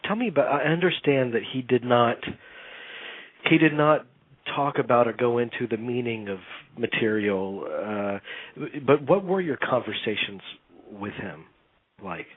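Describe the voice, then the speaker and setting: A man's voice: medium pitch, animated, a little slow, dry recording, phone-quality sound. A man interviewing, giving short listening murmurs and asking long winding questions.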